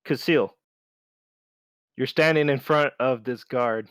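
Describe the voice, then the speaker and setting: A man narrating as game master of a tabletop game, relaxed and unhurried, with many fillers. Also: medium pitch, clean tone, no echo, studio quality.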